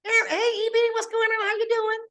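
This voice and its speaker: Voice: very high voice, level tone, a little fast, sharp tone, slight background noise, voice pushed up. A speaker putting on the voice of an upbeat woman friend who works in network marketing, talking in a bubbly, chirpy way.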